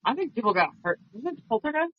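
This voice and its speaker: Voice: medium pitch, big pitch swings, fast. A co-host on a casual book chat podcast who laughs often and talks things through. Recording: dull lo-fi home podcast audio.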